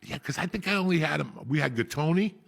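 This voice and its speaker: A gravelly, husky man spins a profane story with big energy. His voice is rough with plenty of rasp and fry, and he talks like a loud, seasoned storyteller. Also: a little high, animated, fast talker. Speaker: podcast host. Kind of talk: storytelling chat.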